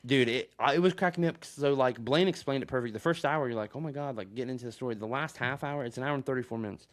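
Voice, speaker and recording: A man in middle pitch tells a long, crude story in loose, rambling podcast chat, laughing as he goes. He is recorded on a phone. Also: quick pace. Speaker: podcast co-host. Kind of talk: casual chat.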